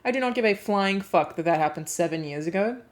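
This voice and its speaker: A woman's voice: medium pitch, lively intonation, quick pace. A woman streamer reacting live on her stream, blunt and emotional, swearing freely.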